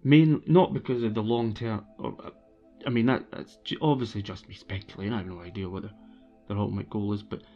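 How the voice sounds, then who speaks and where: A man's voice: fairly low pitch, steady tone, brisk, muffled recording, faint music behind. A man streaming alone, talking in a casual, blunt and opinionated rant with frequent restarts. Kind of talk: casual ranting monologue.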